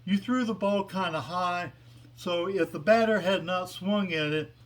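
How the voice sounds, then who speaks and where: Man doing a patient, rambling baseball manager, mildly high, his own voice. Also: measured pace, a bit bright. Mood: explaining. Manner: explaining patiently, rambling with fillers. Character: patient middle-aged male baseball manager.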